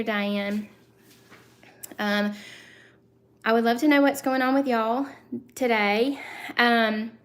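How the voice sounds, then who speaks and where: A woman in her thirties with a thick Southern US accent, hosting a casual live-stream chat, rambling with lots of fillers and restarts. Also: mid-range voice. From Southern United States. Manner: chatty and rambling, many fillers and self-corrections. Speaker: channel host.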